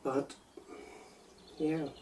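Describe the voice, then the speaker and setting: Male, German accent, unscripted musing, halting delivery, dark tone, slightly distant from the mic. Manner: hesitant, halting with repeated words. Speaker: video essayist. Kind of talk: unscripted personal reflection.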